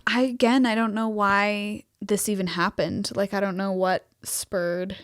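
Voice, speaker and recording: A young woman spins a story on a podcast, lively and giggly, jumping into quoted voices. Her voice is clear and sits in a middle register. The sound is dry and close to the mic. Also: mid-range voice, a little slow, no room sound. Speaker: podcast co-host. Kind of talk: casual storytelling chat.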